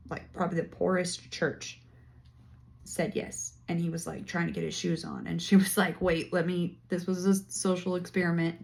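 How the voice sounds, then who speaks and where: A woman's voice: lowish voice, vocal fry. A woman talking straight to camera in a casual monologue, indignant and emphatic as she builds her case. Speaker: vlogger.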